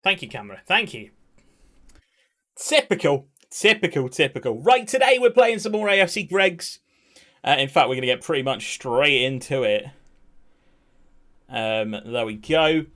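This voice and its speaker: A young man, a game streamer, talks casually to his live-stream chat in an animated, mid-range voice that's a bit bright and moderately paced. He's slightly out of breath, greets viewers by name and swears now and then.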